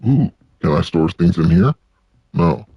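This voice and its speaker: A man's voice: deep voice, expressive, unhurried, husky, no echo, dull audio. A man giving joking, casual commentary while playing a video game. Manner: joking, laughs at himself. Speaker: let's play gamer.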